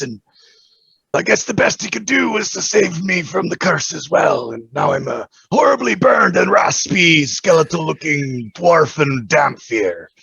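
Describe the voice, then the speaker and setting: A man playing a burned, skeletal dwarf dhampir priest in a raspy, grating voice with a put-on Scottish accent. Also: high voice, fairly bright tone, no room sound, lo-fi sound, heavily acted. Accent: mock Scottish. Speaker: player. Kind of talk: in-character tabletop introduction.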